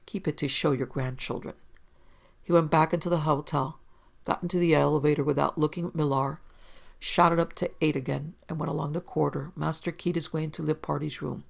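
A man narrating a hard-boiled detective story in a steady, measured reading. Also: on the high side, vocal fry.

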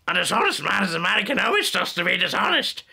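A sly, scheming pirate captain with a high, bright voice that swoops through a wide range, as a man puts him on. He slurs his words with theatrical flair. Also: very animated, quick pace, gravelly, husky, full character voice. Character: sly pirate captain mixed with a mad scientist.

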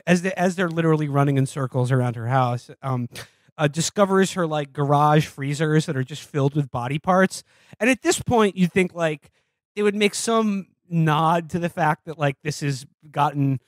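A man's voice: a little high, no echo, studio quality. A man co-hosting a podcast, reviewing a film in rambling, sarcastic casual chat. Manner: rambling, sarcastic, acts out scenes in silly voices. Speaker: podcast co-host.

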